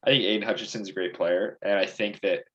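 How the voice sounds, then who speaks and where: A man's voice: on the low side, fairly even intonation, quick pace, a bit bright, highs cut off. A young man co-hosting a podcast, chatting eagerly about his favorite college football players. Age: young adult. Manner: enthusiastic, chatty fan talk. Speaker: podcast co-host. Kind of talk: casual sports chat.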